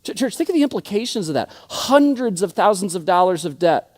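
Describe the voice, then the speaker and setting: High-voiced, very animated and a little fast, with a darkish tone, this thirtysomething pastor delivers a sermon built on stories. He often stutters and repeats words, and he performs the lines of friends he's quoting.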